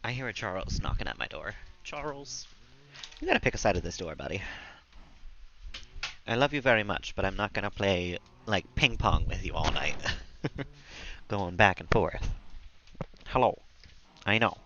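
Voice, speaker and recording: Speaking at a moderate pace, a man with a low, expressive voice sounds bright and forceful as he streams a game from home. He chats casually and giggles with his viewers and his pet during this gameplay commentary, recorded on a slightly dull stream mic with slight background noise.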